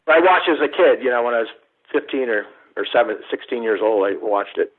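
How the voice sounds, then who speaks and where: A man's voice: mid-range voice, lively intonation, fast talker. A man in his fifties, a guest photographer, telling old stories in a rambling way. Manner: rambling, unsure recollection. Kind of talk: casual storytelling. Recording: tinny phone line.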